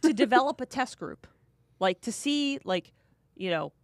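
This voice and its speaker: A woman's voice: a little high, animated, a little slow, dry recording, studio quality. A woman co-hosting a casual political talk show, explaining a county program in a chatty way with frequent restarts. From Florida. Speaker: podcast co-host.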